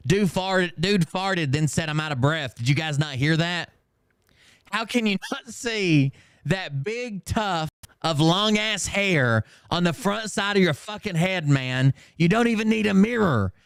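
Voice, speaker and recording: A man reads viewer comments aloud in a slow, unhurried drawl and trades jokes at someone's expense between bursts of laughter. His voice is smooth and sits a little higher than most men's. The sound is dry and close, with no room around it. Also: expressive, no room sound. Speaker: streamer reading comments. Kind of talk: casual mocking commentary.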